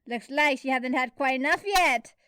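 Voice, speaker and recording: A woman's voice: a little high, animated, normal speed, a little mellow, close to an everyday voice. Woman doing a cocky French mercenary man. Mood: mocking. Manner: mocking, cackling.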